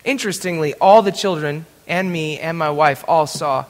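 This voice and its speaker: A man preaching, telling a personal story with dramatic shifts between loud moments and hushed asides. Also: fairly high pitch, moderate pace. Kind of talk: sermon storytelling. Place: live church event in a large hall. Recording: reverberant hall.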